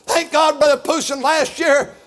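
Loud, boisterous high-voiced preacher man. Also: steady tone, normal speed. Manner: loud and boisterous, shouting with fervor. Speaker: pastor. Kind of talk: fiery sermon.

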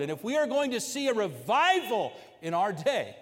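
Male pastor, storytelling sermon, fairly high voice, long church-hall echo. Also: huge pitch swings, normal speed, few pauses, slightly rough. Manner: conversational storytelling, voicing quoted people, building to loud preaching. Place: church sanctuary.

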